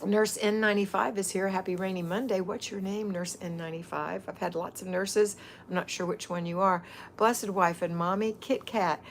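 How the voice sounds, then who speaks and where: A woman's voice: medium pitch, steady tone, normal speed, a little hiss or hum. A middle-aged woman hosting a casual livestream, chatting and greeting viewers by name as a home-organizing mentor.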